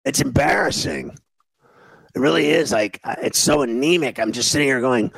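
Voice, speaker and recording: A gravelly-voiced man hosts a sports talk show and rants about a game he is watching. He is exasperated and repeats himself often. The recording is close and dry. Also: medium pitch, normal speed, fairly bright tone, no room sound, rough recording. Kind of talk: casual sports radio chat while watching a game.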